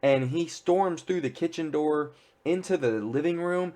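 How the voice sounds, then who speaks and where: A man casually retelling a TV episode in an excited, rambling way, full of filler words. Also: on the high side, a little slow. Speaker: pop culture reviewer. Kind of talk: casual spoiler recap.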